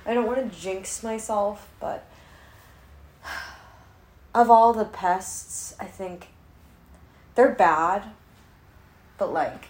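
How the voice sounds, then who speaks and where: A woman chatting casually to camera at home, rambling and swearing, swinging from hushed whispers to loud outbursts. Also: medium pitch, extremely slow, long pauses. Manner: rambling, profane, drops to whispers then gets loud. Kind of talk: casual vlog chat.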